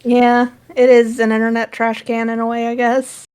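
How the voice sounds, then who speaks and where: A woman's voice: fairly high pitch, monotone, normal speed, a little mellow, clear, resonant tone. A woman chatting casually on a podcast, tossing off blunt, crude wisecracks. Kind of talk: casual chat.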